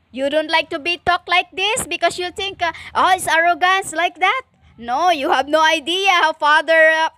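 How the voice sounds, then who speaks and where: Very high-pitched and forceful, a woman who styles herself a preacher gives a stern, impassioned spiritual monologue with a bright tone and no echo. She lectures slowly, pausing often and using many fillers.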